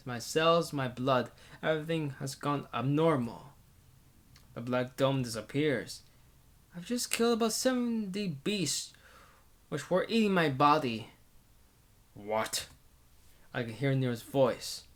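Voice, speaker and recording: A man's voice: mid-range voice, animated, a little slow. A man reading a visual novel aloud in the first person, intense and theatrical, often restarting words.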